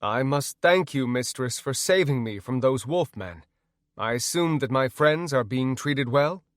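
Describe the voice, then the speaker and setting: A man voicing a cocky young male gamer hero in an audiobook, loud and joking. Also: mid-range voice, animated, a little slow, no room sound, studio quality, lightly acted.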